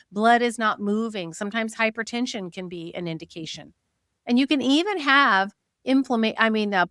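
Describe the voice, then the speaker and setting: A woman's voice: mid-range voice, a bit bright, no room sound, studio quality. Chatty woman teaching clinicians. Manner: chatty, explanatory, quotes patients in a lifted voice. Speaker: host, practitioner educator.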